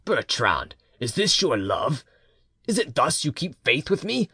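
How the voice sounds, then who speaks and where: A man voicing a returned peasant husband, speaking low, soft and intimate. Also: big pitch swings, measured pace, slightly rough, no room sound, clean studio sound. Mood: angry. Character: returned peasant husband, tender yet commanding.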